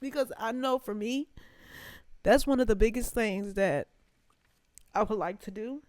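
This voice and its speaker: A woman's voice: mid-range voice, unhurried, a little mellow, no echo. A young adult woman hosting a reaction video, chatting casually and with heart, talking straight to her viewers. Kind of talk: casual emotional reaction chat.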